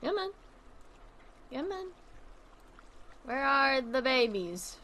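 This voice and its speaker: Chatting casually over a zoo-building game, a streamer rambles, trails off, restarts, and swears casually. Her high-pitched voice is bright and forceful, swinging widely in pitch, and she takes her time.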